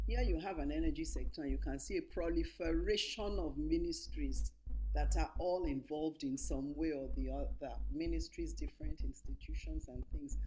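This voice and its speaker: Emphatic low-voiced woman presenting slides. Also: mellow, low-quality recording. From Nigeria. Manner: emphatic, repeats key points, asks for next slide. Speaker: conference speaker.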